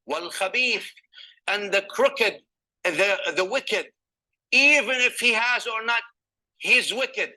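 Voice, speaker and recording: A man's voice: high-pitched, takes it slowly, long pauses, bright, forceful tone, low-quality recording. A man preaching a sermon, telling stories and reciting Arabic scripture between English explanations, often asking the listeners rhetorical questions. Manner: asks the audience rhetorical questions.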